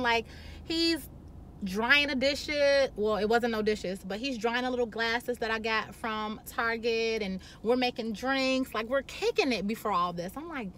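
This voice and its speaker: Bright, brash woman vlogger. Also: a little high, measured pace, a little hiss or hum. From Chicago. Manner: blunt, profane, animated. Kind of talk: candid storytelling to camera.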